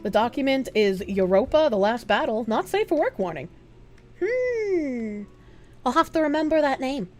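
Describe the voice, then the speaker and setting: A woman's voice: sits high, sing-song, moderate pace, soft background music. A young woman with a Boston accent, chatting bluntly and with plenty of profanity as she reads out her stream chat. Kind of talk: casual livestream chat.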